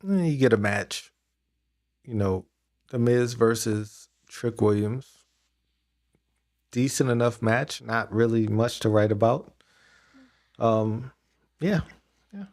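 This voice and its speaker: A man's voice: mid-range voice, slow, pauses often, a little mellow. A man co-hosting a podcast, chatting casually about wrestling with lots of restarts and fillers. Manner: rambling, many restarts and fillers. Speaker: podcast co-host.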